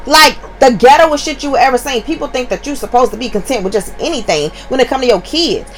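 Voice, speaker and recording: A woman's voice: sits high, lively intonation, brisk, few pauses, a little hiss or hum. A young woman and mother telling a story to her viewers in a casual, profane and emphatic way.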